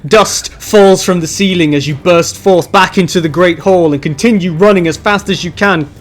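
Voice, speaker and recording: A man narrating a tabletop game as game master, lively and dramatic. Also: high-pitched, normal speed.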